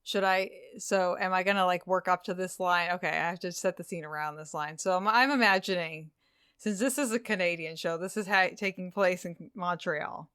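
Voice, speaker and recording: A woman's voice: fairly low pitch, normal speed, fairly bright tone, smooth, dry recording, clean studio sound. A woman co-hosting a podcast, improvising a scene in a playful, rambling, self-mocking way. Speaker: podcast co-host. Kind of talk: casual improv chat.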